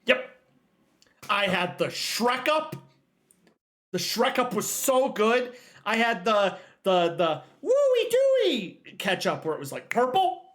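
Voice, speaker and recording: A man's voice: high voice, sing-song, slow, a bit bright. A man co-hosting a casual podcast, telling rambling jokes and tripping over his words now and then. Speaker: podcast co-host. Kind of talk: casual chat.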